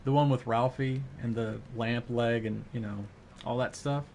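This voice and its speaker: A man's voice: mid-range voice, fairly even intonation, normal speed, darkish tone, a little hiss or hum. A man chatting casually with his viewers while gaming, rambling with lots of fillers and restarts. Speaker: live streamer.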